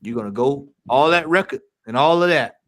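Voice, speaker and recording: A man's voice: mid-range voice, animated, normal speed, slight background noise. A man on a football fan call-in show, talking earnestly and emphatically and repeating phrases to drive his points home. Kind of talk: casual football chat.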